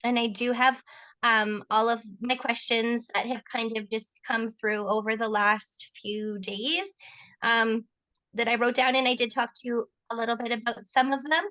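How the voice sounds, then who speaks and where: A woman's voice: fairly high pitch, flat delivery, normal speed, sharp tone. A woman chatting casually and telling stories, peppering her talk with "like" and "right?". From Canada. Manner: chatty, storytelling, frequent 'like' and 'right?'. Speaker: co-host asking questions. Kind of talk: casual conversation.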